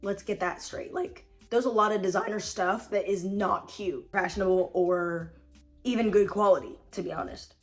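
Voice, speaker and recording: A woman's voice: mid-range voice, normal speed, faint music behind. A young woman vlogging, ranting casually to camera with lots of fillers, sassy asides and frequent laughs. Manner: chatty, filler-heavy, sassy, laughs often. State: tired late-night voice-over. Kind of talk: casual opinion rant to camera.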